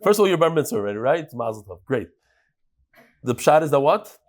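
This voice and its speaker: A man teaching a lively Talmud class and talking straight to his students. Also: medium pitch, a little fast. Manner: animated, talks to the students. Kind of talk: lively Daf Yomi class.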